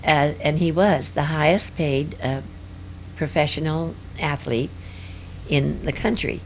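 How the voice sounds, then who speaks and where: Gravelly low-voiced older woman reminiscing. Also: steady tone, measured pace, a little hiss or hum. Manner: rambling, hesitant, many fillers. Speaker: interviewee. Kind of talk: reminiscing interview.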